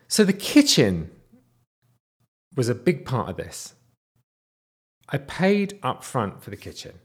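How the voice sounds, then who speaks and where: A man in his thirties casually telling a personal story, animated, sometimes dropping to a whisper. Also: unhurried, pauses often, breathy edge. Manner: animated, wide swings in pitch and loudness, drops to whispers.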